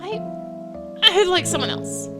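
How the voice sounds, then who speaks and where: A woman's voice: high-pitched, animated, vocal fry, pitched above the performer's own voice. A woman doing a shaky, tearful young woman. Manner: shaky, halting voice. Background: game music.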